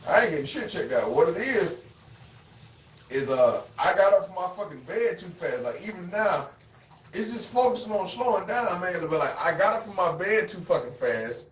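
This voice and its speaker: A man chatting casually as co-host, telling a wild story full of profanity and animated retellings. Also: high voice, normal speed, reverberant, a little hiss or hum. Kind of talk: casual chat.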